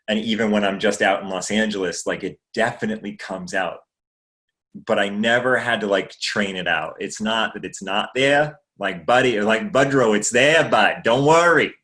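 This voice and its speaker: A man's voice: on the low side, a bit bright. A man from Maine, a guest actor chatting casually in a livestream Q&A, rambling with fillers and swearing freely. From Maine, USA.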